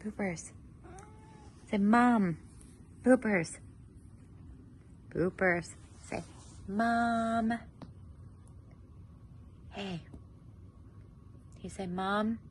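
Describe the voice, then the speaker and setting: Slow, sing-song woman coaxing her cat. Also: mid-range voice, slight background noise. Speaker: pet owner filming her cat. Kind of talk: coaxing baby talk to a pet.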